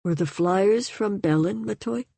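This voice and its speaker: Dazed but steady man, in a woman narrator's own low voice; unhurried. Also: vocal fry, breathy edge, no echo. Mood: calm. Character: dazed, calm man tending the wounded.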